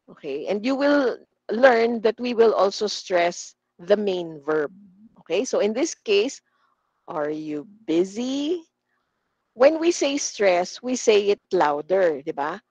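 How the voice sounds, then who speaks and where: A woman with a Filipino accent leads a class over a video call. Her voice is a little husky and comes through flat and muffled, with no room sound. She mixes English and Tagalog and slows down to sound out example sentences. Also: mid-range voice, dry recording. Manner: switches between English and Tagalog; slow, deliberate demonstrations of word stress. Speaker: trainer. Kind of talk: online class instruction. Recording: dull, dry video-call audio.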